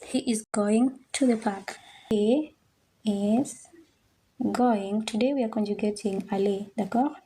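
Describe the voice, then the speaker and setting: A woman teaches at a board with a mellow, soft-edged voice. She speaks slowly and patiently, repeating each word so learners can follow along. Her delivery is unhurried and methodical. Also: mid-range voice, slight background noise. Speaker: French teacher. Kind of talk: slow classroom explanation at a board.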